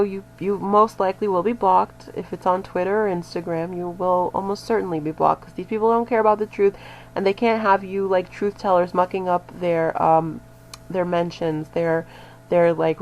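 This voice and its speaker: Woman vlogger, casual reaction chat, rambling and animated, lots of restarts. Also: fairly low pitch, poor audio. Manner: exasperated about online critics.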